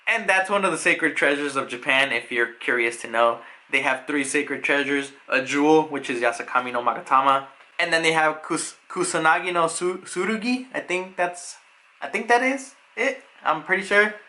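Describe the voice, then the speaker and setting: A young man talks through a manga chapter in a rambling, casual way. His voice sits a bit high and sounds bright and sharp. He keeps jumping into excited paraphrases of the characters. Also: moderate pace. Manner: loose, rambling retelling with many fillers, jumping into excited paraphrased lines. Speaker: manga reviewer. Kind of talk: casual recap and commentary.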